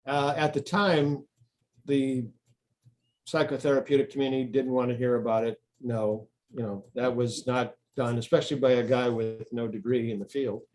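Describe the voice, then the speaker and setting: A man of middle pitch tells a long story in an interview, wandering from point to point and often restarting his sentences. He sounds like an author talking casually about his work. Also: little pitch movement, moderate pace, a little mellow. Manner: rambling storyteller, frequent restarts.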